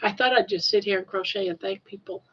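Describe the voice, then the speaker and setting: A woman's voice: medium pitch, quick pace, slightly rough, dull audio. An older woman crying on a casual livestream, tearful and grateful as she thanks her viewers. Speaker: crochet livestreamer.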